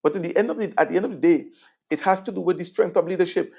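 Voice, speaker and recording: A man with a Vincentian accent hosting a political talk show, sardonic and conversational, swinging between loud jabs and murmured asides. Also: high voice, racing, vocal fry. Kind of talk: political commentary.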